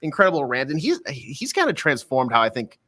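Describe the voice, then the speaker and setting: A man's voice: medium pitch, wildly swooping pitch, brisk, sharp tone. A man co-hosting a podcast, rambling hesitantly through a point. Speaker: podcast co-host. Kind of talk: casual studio chat.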